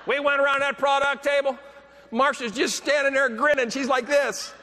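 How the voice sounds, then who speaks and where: A man giving a motivational keynote, telling a story with animated delivery, acting out the voices of people he quotes and breaking into shouts. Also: very high-pitched, normal speed. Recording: echoey hall, faint background noise.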